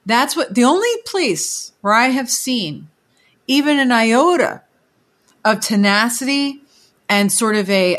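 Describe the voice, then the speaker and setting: Animated New woman telling stories. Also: on the high side. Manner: animated storytelling, acts out others' voices in quoted bits. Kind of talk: casual political chat.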